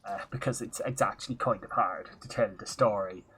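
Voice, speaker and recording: A man's voice: on the low side, a little fast, fairly bright tone, husky. Man rambling in a put-on Irish accent. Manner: rambling storyteller, swears freely. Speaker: livestreamer playing a game. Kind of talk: casual gaming stream chat.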